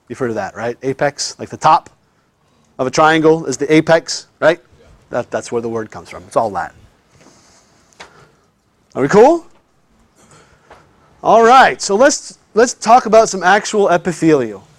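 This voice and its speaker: A man's voice: high voice, dry recording. A man teaching a classroom lecture in a chatty way, often checking in with his students.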